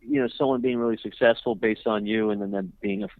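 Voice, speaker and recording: A man's voice: fairly low pitch, very animated, fast, creaky, no room sound. Man arguing over a tinny phone line. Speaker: adult son on a recorded call. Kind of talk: casual phone chat.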